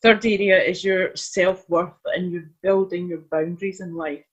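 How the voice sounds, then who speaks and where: Woman giving life advice, kinda husky, muffled lo-fi sound. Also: on the low side, fairly even intonation, normal speed. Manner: earnest, explains with examples. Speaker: guest coach. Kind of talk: casual chat. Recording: dull lo-fi sound.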